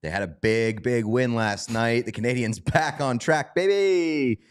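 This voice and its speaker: A man's voice: mid-range voice, normal speed, clear, resonant tone, no room sound. A man co-hosting a sports podcast in casual chat, rambling and laughing at his own bits. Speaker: podcast co-host.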